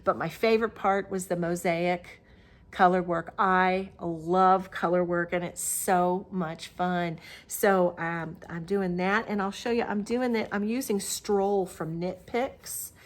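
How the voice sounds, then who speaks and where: A middle-aged woman hosting a crafting video, talking casually and rambling with lots of fillers and restarts. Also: on the low side. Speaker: Flosstube host. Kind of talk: casual show-and-tell vlog.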